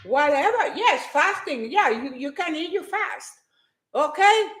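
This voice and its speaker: A woman's voice: sits high, lively intonation, unhurried, a bit bright, reverberant. Hyper, emphatic woman giving a pep talk. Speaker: motivational speaker on a live stream. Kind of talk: energetic motivational talk to viewers.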